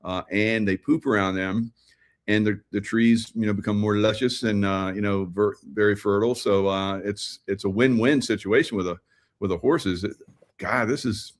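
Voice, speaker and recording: A male podcast host with a fairly low voice, talking casually and with enthusiasm. He circles his points with hesitant restarts and fillers. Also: steady tone, normal speed. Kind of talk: casual interview chat.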